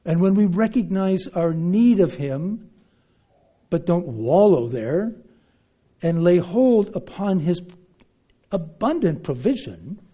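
A man preaching a sermon, emphatic, swinging between loud declarations and hushed asides. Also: sits high, big pitch swings, slow, husky.

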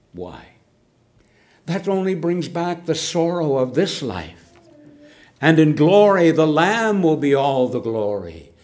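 An older man preaching a sermon, swinging from loud emphasis down to hushed, near-whispered words. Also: mid-range voice.

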